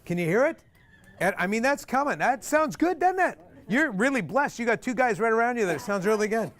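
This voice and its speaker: A man's voice: very high voice, lively intonation, fairly quick, fairly bright tone. A man teaching a group singing workshop, joking and singing lines to demonstrate. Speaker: singing instructor.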